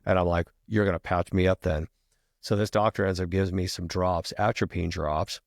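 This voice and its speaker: A middle-aged retired firefighter telling a long story as a podcast guest, casual and profane, peppering every sentence with "freaking". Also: male voice, sits low, steady tone, moderate pace, gravelly, no room sound, clean studio sound.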